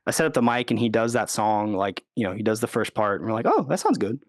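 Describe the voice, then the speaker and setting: A man's voice: fairly low pitch, fairly even intonation, fast, no room sound, studio quality. A man talking casually as a podcast guest, rambling with lots of fillers and quoting others. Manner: rambling, full of "like" and "you know", acts out quotes. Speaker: recording engineer and producer, guest. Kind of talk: casual interview talk.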